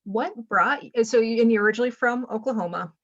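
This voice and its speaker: A woman hosting a casual interview who often restarts her questions and fills pauses with "you know.". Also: on the high side, highs cut off. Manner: hesitant, restarts questions with fillers. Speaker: interviewer host.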